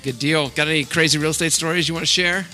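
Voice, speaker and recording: A man's voice: fairly high pitch, steady tone, fast talker, pushed and bright, faint music behind. A middle-aged man hosting a casual podcast, upbeat and rambling, laughing often between filler words. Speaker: podcast host.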